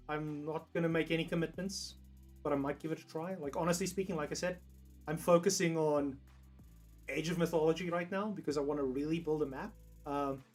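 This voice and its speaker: A young man with a South African accent chatting casually on a livestream, rambling, laughing often and swearing freely. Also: fairly high pitch. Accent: South African English. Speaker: streamer.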